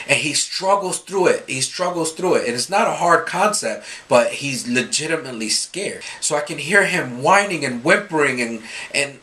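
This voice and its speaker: A man's voice: a little high, normal speed, few pauses. A man giving a Scripture reflection for a youth ministry, telling stories animatedly and acting out the people he quotes. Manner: animated storytelling, quoting others in voices.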